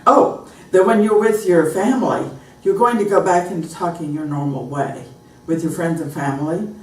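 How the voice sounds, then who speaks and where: A woman's voice: on the low side, normal speed, recorded from a distance. An American woman teaching a pronunciation class, telling anecdotes and acting out example phrases. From United States. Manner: animated storytelling, acts out example phrases. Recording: echoey room, recorded from afar.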